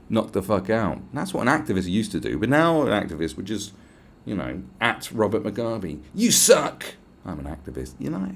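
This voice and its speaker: A man hosting a solo podcast, ranting in a sarcastic, sweary, animated way. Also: on the low side, creaky. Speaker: podcast host.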